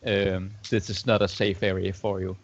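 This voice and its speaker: A man voicing an archer who calmly warns guards to flee, staying close to his own voice. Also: sits low, moderate pace, heavy background noise. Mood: warning. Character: wary archer warning off guards. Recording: dull lo-fi recording.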